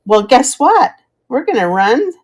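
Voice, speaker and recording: A middle-aged live auction seller chats unhurriedly as she sells vintage items over a live stream, naming viewers as she thanks them. Her voice is mid-range and a little mellow.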